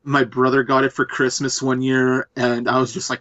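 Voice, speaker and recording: A man riffing through a movie commentary with animated, profane energy. His voice sits in an ordinary middle register. The recording is dry and a little dull, as if through a modest mic. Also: mid-range voice, normal speed, no room sound. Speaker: podcast host.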